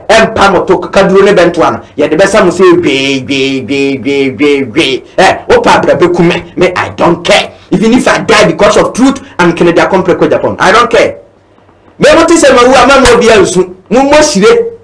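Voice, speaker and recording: A man's voice: high voice, a bit bright, rough recording. A Ghanaian man giving a fervent political talk, mixing Twi and English and repeating his points. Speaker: political commentator.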